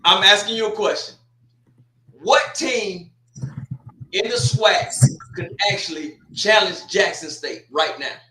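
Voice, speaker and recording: A man's voice: sits high, slow, pushed and bright, slight background noise. A man co-hosting a podcast, talking in a brash, teasing way about football. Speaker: podcast co-host. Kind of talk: casual podcast chat. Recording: echoey room.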